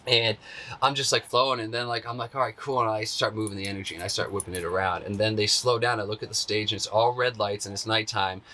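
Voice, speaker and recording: Laid-back man, bright tense tone. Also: lowish voice, fast. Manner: animated, acts out quotes in a raised voice. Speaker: interview guest. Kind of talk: casual storytelling.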